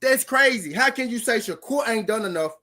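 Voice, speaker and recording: A man with a very high-pitched, animated voice talks fairly quickly in a pushed, bright tone. He hosts a boxing commentary channel and rants casually and heatedly straight to his viewers, repeating himself and swearing in this reaction rant.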